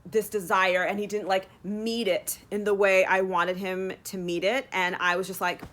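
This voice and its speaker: A woman's voice: mid-range voice, level tone, moderate pace, a bit bright. A woman talking casually in a devotional vlog, rambling with many fillers and acting out her own complaints with sudden dramatic swings. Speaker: Christian vlogger. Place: in Texas.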